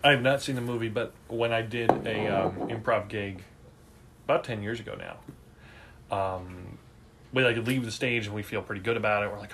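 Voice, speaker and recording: A man's voice: medium pitch, fairly even intonation, a little fast, a bit bright, a little hiss or hum. A man co-hosting a podcast, telling easygoing, self-deprecating stories in casual chat. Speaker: podcast co-host.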